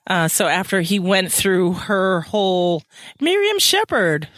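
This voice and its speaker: A woman hosting a book podcast, reading passages aloud and then chatting about them. Her voice is bright and swings widely in pitch, and she laughs and swears as she drifts off on tangents. The sound is dry and close. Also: a little slow, no room sound. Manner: animated, laughing, goes off on tangents; swears casually. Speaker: podcast host reading and discussing a novel. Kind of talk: casual chat with book readings.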